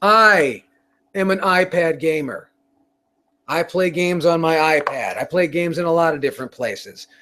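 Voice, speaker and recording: Brief: male show host, higher-pitched voice, loose profane rambling rant delivery. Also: lively intonation, measured pace, pushed and bright. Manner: profane, rambling, with frequent restarts. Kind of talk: casual rant on a live stream.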